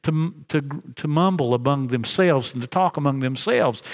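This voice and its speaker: A man preaching a sermon as pastor, earnest, with halting restarts, slowing down for emphasis. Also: a little high. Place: chapel. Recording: long reverb in a chapel.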